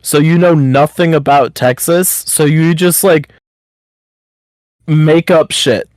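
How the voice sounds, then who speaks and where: On a casual podcast, a male co-host with a slightly raised pitch talks slowly in a darkish tone. He is blunt, swears casually and keeps pushing his friend with pep-talk advice. The low-quality recording sounds close and dry, with no echo.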